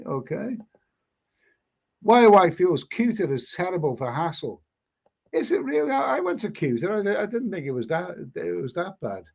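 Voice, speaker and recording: A man's voice: a little high, vocal fry, a little mellow, husky, highs cut off. An older man with a Liverpool accent, hosting a live stream and chatting casually as he reads out viewer comments, rambling, repeating himself and swearing bluntly. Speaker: live stream host reading chat. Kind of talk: casual chat.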